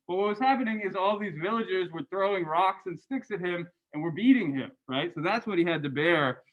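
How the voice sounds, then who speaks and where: A man lecturing a university class and going over graded answers, animated and chatty, often adding "right?". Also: fairly high pitch, poor audio. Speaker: university religious studies lecturer.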